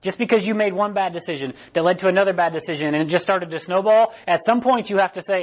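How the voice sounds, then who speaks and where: A man's voice: high-pitched, fast talker, few pauses, muffled recording. A man preaching a casual, conversational sermon and checking in with "right?" again and again. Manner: conversational, repeats "right?" often. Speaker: pastor.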